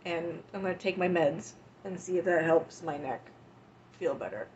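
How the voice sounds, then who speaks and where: A woman's voice: fairly low pitch, normal speed, a little mellow, lo-fi sound, a little hiss or hum. A woman in her forties, a livestreamer chatting casually with her viewers at home, emotional and close to tears as she thanks them. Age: 40s. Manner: tearful and affectionate, talking to chat.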